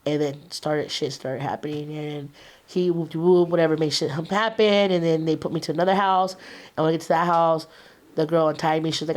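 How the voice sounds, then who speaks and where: Woman guest, low-pitched voice, casual streetwise storyteller, lots of slang. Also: fairly even intonation, fast talker, darkish tone. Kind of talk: telling a personal story in an interview.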